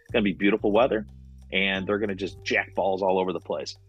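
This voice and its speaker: A man's voice: deep voice, quick pace, a bit bright, husky, dry recording, lo-fi sound. A man co-hosting a casual sports betting chat, laid-back and chuckling often, with faint music underneath. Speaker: co-host.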